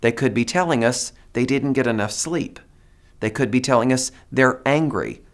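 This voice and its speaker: A man giving a presentation to teachers, animated and demonstrative, coaxing the audience to repeat phrases. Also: medium pitch, moderate pace. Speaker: teacher trainer.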